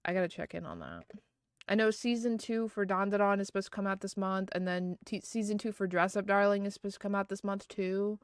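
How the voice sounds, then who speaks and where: A woman's voice: mid-range voice, lively intonation, brisk, clear, resonant tone, dry recording, clean studio sound. A woman streaming live, chatting casually and giggling often, with lots of fillers.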